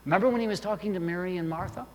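A man's voice: sits high, racing. A man preaching a sermon in a conversational way, often checking in with listeners and restarting his sentences. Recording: long hall reverb with faint hum.

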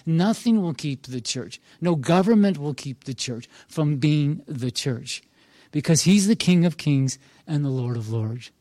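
Earnest man preaching, fairly high voice. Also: darkish tone, no echo. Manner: earnest, encouraging preaching with emphatic repetitions. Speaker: pastor. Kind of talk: sermon.

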